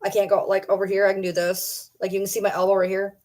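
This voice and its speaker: A woman's voice: medium pitch, flat delivery, fast, a little mellow. A young adult woman chatting casually on a livestream from home, rambling and joking about herself. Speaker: streamer.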